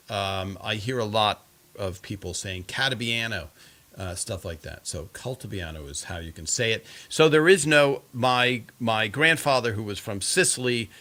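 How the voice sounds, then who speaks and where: A man's voice: on the low side, pushed and bright. A man hosting a live stream, chatting casually and reading viewer comments in a rambling way full of fillers.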